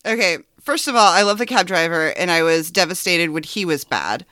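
A woman's voice: lowish voice, expressive, fairly quick, bright, forceful tone, no echo, clean studio sound. A woman co-hosting a podcast, chatting earnestly about a film with lots of "like" and "um.". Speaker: podcast co-host. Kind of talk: casual chat about a film.

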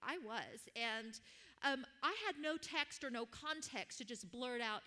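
Woman preacher, 50s, high bright voice, sermon storytelling. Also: normal speed. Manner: warm storytelling with laughs and prayer.

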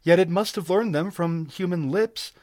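A man's voice: sits high, normal speed, a little mellow, no echo, clean studio sound, pitched above the performer's own voice, close to an everyday voice. A man reading aloud, voicing a timid young woman in a raised, uneasy voice. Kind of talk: audiobook character reading.

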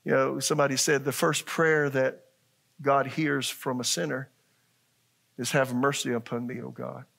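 A man's voice: mid-range voice, level tone, normal speed, gravelly, a bit bright, husky. An older man, a pastor, preaching a conversational sermon and asking his congregation questions.

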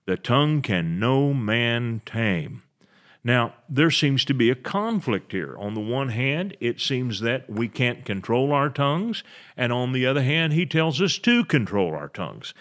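A male preacher delivering a sermon at an unhurried, deliberate pace. His pitch rises and falls with lively emphasis as he poses rhetorical questions.

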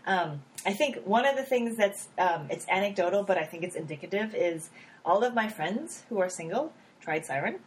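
A woman founder talking casually in an interview, animated, with lots of fillers, laughs and acted-out quotes. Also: medium pitch, normal speed, rough recording. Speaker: app founder.

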